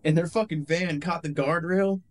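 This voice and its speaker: A young male soldier telling combat stories, profane and animated, recorded on a handheld camcorder. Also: fairly high pitch, moderate pace, a little hiss or hum. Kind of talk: casual war story.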